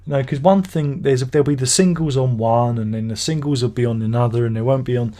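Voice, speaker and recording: Speaking quickly in a mellow, mid-range voice, a middle-aged man hosts a casual live stream from home. He reads out viewer comments and answers them in a rambling, sardonic, grumbling way, tossing in mock-exasperated asides.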